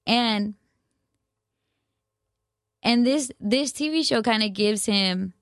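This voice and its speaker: A woman's voice: on the high side, takes it slowly, clean tone, dry recording, clean studio sound. A young woman chatting casually to her viewers, rambling and self-mocking, full of slang and restarts. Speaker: vlogger. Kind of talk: casual chat to camera.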